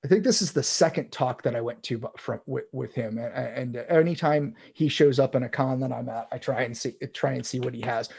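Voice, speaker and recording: A man's voice: medium pitch, fairly quick, vocal fry, hardly any pauses, a little mellow, breathy edge. A man hosting a casual tech chat, rambling with restarts and fillers. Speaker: podcast host.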